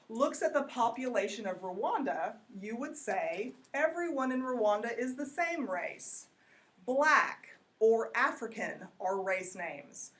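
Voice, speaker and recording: A woman giving a college geography lecture in a classroom, talking conversationally and asking the class questions. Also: fairly high pitch.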